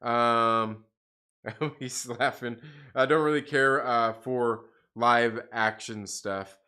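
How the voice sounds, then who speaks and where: A man's voice: mid-range voice, steady tone, slow pace, pushed and bright, smooth. A man hosting a casual livestream, swearing a lot, laughing and ranting at chat comments with lots of repeats. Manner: profane, laughing, repetitive ranting. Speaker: livestream host.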